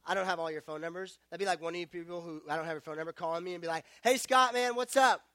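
High-voiced casual young male preacher. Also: racing, no echo. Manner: casual, animated storytelling with self-aware jokes. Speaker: youth pastor. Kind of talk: sermon to a youth group.

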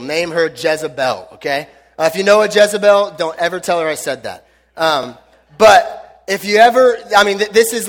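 High-voiced joking youth pastor. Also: male voice, fairly bright tone. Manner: joking, chatty, uses lots of slang fillers. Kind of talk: casual youth sermon. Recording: long hall reverb.

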